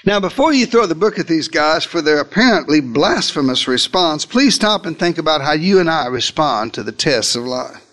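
A man preaching a sermon, retelling a story in the first person with dramatic swings between loud emphasis and quiet asides. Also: a little high, very animated, normal speed, hardly any pauses. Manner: dramatic storytelling, speaking as a disciple.

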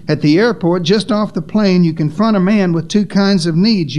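A man delivering a sermon in a fairly high voice. He leans on dramatic pauses and lets his pitch fall low to land each point. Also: darkish tone. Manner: dramatic pauses, rises and drops in pitch for emphasis. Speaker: preacher.

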